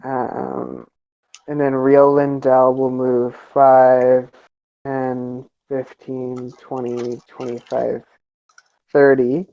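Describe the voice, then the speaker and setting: Tabletop player, slow, halting, lots of ums, lo-fi sound. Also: mid-range voice, completely flat delivery, vocal fry, clear, resonant tone. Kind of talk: casual tabletop play.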